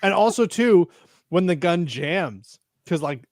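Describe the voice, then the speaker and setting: A man's voice: high-pitched, expressive, unhurried, dry recording, studio quality. A man co-hosting a podcast in casual chat, rambling and swearing freely, often trailing off into fillers. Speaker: podcast co-host.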